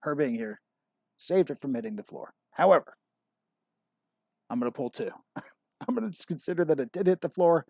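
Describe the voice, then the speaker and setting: A man's voice: fairly high pitch, animated, moderate pace, long pauses, mellow, dry recording, studio quality. A man hosting a casual livestream and calling bingo numbers, chuckling often with self-deprecating banter. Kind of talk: casual live-stream chat.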